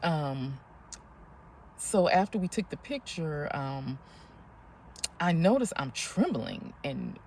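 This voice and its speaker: A woman in her fifties telling a story in a casual, animated vlog, often breathless and laughing as she talks. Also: low-pitched, slow pace, long pauses, a little hiss or hum. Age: 50s. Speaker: vlogger.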